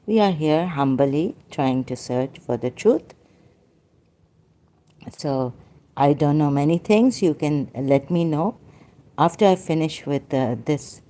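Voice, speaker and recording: A woman in an unscripted debate, talking hesitantly with many fillers and restarts, and admitting she gets hyper and struggles to keep her voice gentle. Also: low-pitched, lively intonation, takes it slowly, long pauses. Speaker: debater in an online religious discussion.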